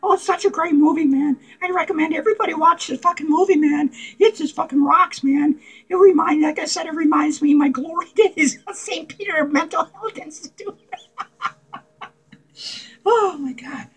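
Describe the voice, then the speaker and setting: A man with an extremely high-pitched voice, speaking at a moderate pace, plays a manic, unhinged male clown in a comedic character vlog. He rambles giddily and crudely, cackling and swearing throughout. The recording is low quality.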